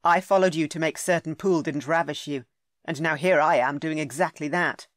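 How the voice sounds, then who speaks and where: A woman voicing a stern, grouchy young gentleman duke in an audiobook, speaking low and firm. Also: steady tone, fairly quick, no echo, clean studio sound, close to an everyday voice. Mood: tender.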